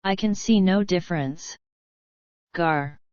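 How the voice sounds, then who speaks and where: A woman reading the lines of a gruff, suspicious male lodge boss with a blunt, hot-tempered manner, in a dull lo-fi recording. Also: fairly low pitch, slow, darkish tone, dry recording.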